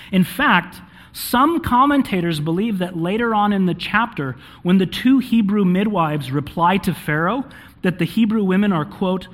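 A married man preaches in a slightly high voice. He reads scripture aloud and explains it in plain terms. He keeps checking in with an "okay?" and scatters "um" between his points. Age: adult, married. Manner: checks in with frequent "okay?", with fillers. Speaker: pastor. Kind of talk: sermon with scripture reading.

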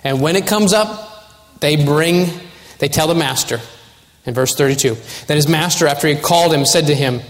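A fairly high-voiced man preaches a sermon with earnest conviction, building to urgent warnings. His voice carries a long reverb, as if it fills a large hall. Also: moderate pace. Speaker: pastor.

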